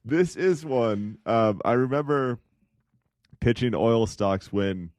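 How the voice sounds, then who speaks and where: This podcast co-host has a mid-range, darkish voice with lively intonation, and he takes things slowly. He chats casually and a bit ramblingly about investing, chuckling now and then. The sound is clean studio audio with no room sound.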